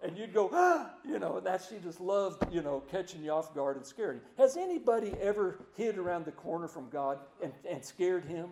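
A man preaching a sermon in a folksy way, repeating words and slowing down to hushed emphasis. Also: sits high, animated, reverberant.

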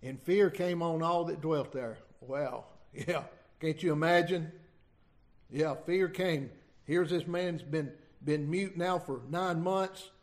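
A middle-aged man preaching an informal sermon, reading scripture and retelling it in a folksy, halting way. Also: fairly high pitch. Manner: folksy, halting, many restarts and asides.

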